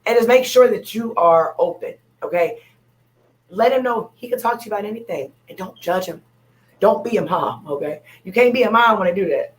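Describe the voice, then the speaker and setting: A woman's voice: medium pitch, animated, brisk, poor audio. A woman speaking on an open panel, talking candidly and bluntly, repeating her points for emphasis. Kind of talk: candid casual chat.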